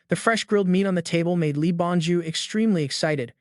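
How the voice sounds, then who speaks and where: A man's voice: fairly high pitch, a little fast, few pauses, dry recording, studio quality. A man reading a recap story in a plain, scripted narration voice, playing every character the same way.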